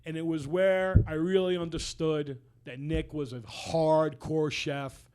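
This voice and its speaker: A man with a New York accent, a chef hosting a podcast, telling a story in a lively way and acting out quotes. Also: a little high, a little slow, smooth. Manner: animated storyteller, acts out quotes loudly. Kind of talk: casual storytelling chat.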